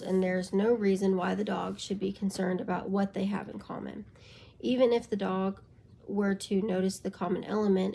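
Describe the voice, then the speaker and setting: A sleep-deprived woman reading a textbook aloud late at night, in a steady voice that now and then stumbles over a word and corrects itself. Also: medium pitch, vocal fry, rough recording. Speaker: reader of a book aloud.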